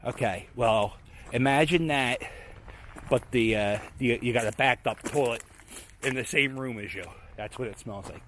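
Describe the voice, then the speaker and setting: A man's voice: mid-range voice, normal speed, a bit bright. A man rambling casually while he walks a snowy abandoned waterfront, chatting to his dog on a handheld camera. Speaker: vlogger exploring abandoned sites. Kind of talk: casual walking commentary. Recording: outdoor noise.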